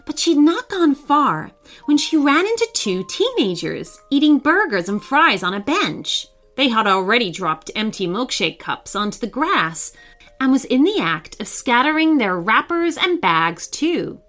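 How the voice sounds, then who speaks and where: A woman narrating a children's story in a scripted, expressive way with dramatic pauses. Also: high-pitched, soft background music.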